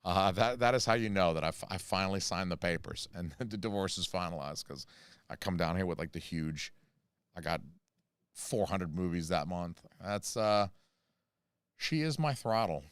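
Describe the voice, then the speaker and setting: A man's voice: sits low, moderate pace, clear, resonant tone, dry recording. American guy, livestream host, rambling and jokey, dry close sound. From United States. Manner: rambling, jokey, many fillers and asides. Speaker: channel host reading live chat. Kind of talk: casual livestream chat.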